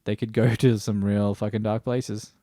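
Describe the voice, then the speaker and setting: A man's voice: on the low side, little pitch movement, normal speed, warm tone, no room sound, studio quality. Rambling, swearing man. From Australia. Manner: rambling, frequent restarts, casual swearing. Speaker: TV series reviewer. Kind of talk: stream-of-consciousness review.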